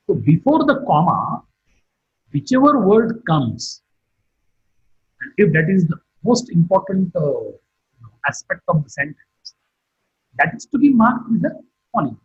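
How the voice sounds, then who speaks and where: A man's voice: on the high side, big pitch swings, measured pace, long pauses, breathy edge, highs cut off. A man giving an online phonetics lecture, explaining step by step and repeating example sentences with stress. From India. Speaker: university lecturer.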